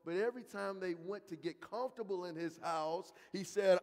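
A man preaching a sermon as pastor, emphatic and slow in places, repeating phrases and calling out to the congregation. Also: high-pitched, gravelly, long reverb tail. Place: church sanctuary.

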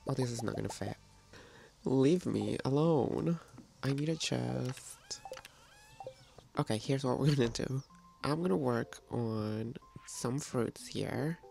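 Gravelly-voiced woman chatting through a game. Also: extremely low pitch, measured pace, a little mellow, soft background music. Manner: chatty and playful, talks to game characters and viewers. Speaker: gaming video host. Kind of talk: casual let's-play commentary.

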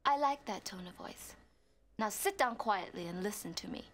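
Eddie Ching, icy crime boss. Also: female voice, medium pitch, expressive, normal speed, fairly bright tone, slight background noise. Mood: menacing. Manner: imperious, clipped threats. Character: cold ruthless female crime boss. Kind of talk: full-motion video game acting.

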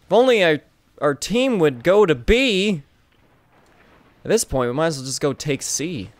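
A young man giving casual gameplay commentary, swinging between mumbled asides and excited yelps. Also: on the high side, a little slow, no room sound. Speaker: gaming YouTuber.

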